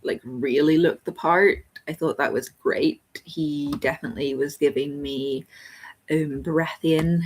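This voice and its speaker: A woman's voice: low-pitched, steady tone, measured pace, darkish tone, slight background noise. A woman hosting a live book club stream, rambling casually about a TV episode and thinking aloud with lots of ums.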